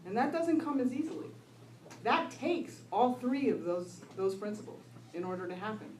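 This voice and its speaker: A middle-aged recovery speaker tells her story to listeners, often laughing and checking in with "right?" Her pitch is a little high, her intonation lively, and her pace moderate. Crowd noise fills the background, and her distant voice echoes around the room.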